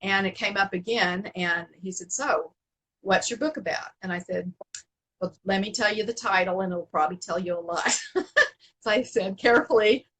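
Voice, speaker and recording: Middle-aged woman guest, bright husky voice, lively storyteller who laughs a lot. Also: medium pitch, normal speed, low-quality recording. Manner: animated, laughs often, many restarts and fillers. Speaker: author, interview guest. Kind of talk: casual storytelling in an interview.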